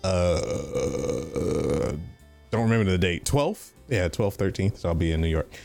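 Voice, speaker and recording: A man's voice: sits low, animated, a little slow, vocal fry, a little mellow, faint music behind. A man who plays in a tabletop game show, chatting casually and rambling with lots of fillers as he signs off. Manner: rambling, laughing, filler-heavy. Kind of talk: casual farewell chat.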